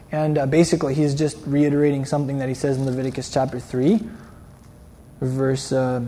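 A man's voice: fairly high pitch, mellow, slight background noise. A man preaching a sermon in a conversational way, often ending lines with "eh?" or "right?". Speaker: pastor. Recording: long hall reverb.

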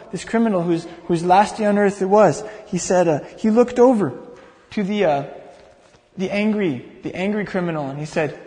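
A man's voice: high voice, normal speed, warm tone. A male preacher telling a story vividly in a sermon, often repeating words as he goes. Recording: long hall reverb.

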